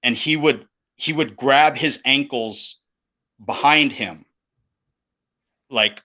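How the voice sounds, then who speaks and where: A middle-aged man co-hosting a casual podcast, telling an old road story in a profane, animated way and acting out the voices of the people in it. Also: medium pitch, slow pace. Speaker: podcast co-host, former pro wrestler. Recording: dull lo-fi podcast audio.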